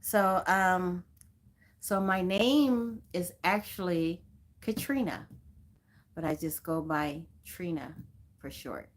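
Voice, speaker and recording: A woman's voice: fairly low pitch, slow. A woman from Southern California hosting a casual livestream, chatting and greeting viewers by name with frequent laughs. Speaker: livestream host.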